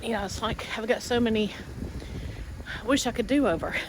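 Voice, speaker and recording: A woman's voice: on the high side, normal speed. Woman in her forties, casual vlog talk, rambling, candid, noisy background. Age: 40s. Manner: rambling and candid, many fillers. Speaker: vlogger.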